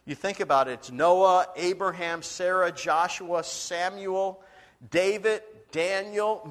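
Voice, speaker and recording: A man's voice: sits high, a bit bright. A male pastor preaching a sermon, telling stories dramatically and acting out the voices, sometimes dropping to a whisper.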